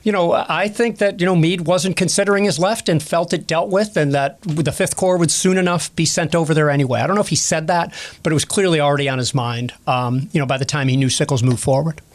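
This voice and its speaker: Slightly high-voiced man, guest expert, rambling and self-correcting. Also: steady tone, brisk, few pauses. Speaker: guest historian. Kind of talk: casual expert Q&A.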